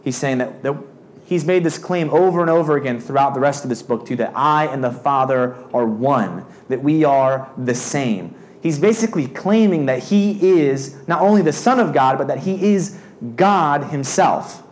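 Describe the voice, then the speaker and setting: A man's voice: mid-range voice, normal speed. A man reading a Bible passage aloud and explaining it in a loose, conversational way, like a youth pastor. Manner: reads scripture then explains it in a loose, conversational way. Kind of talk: casual Bible teaching.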